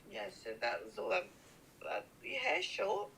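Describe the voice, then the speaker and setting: A middle-aged English woman with a croaky morning voice, chatting casually with her grown child and checking up on practical matters. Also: high voice, wildly swooping pitch, normal speed, sharp tone. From England. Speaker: streamer's mother on a call. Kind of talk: casual family chat.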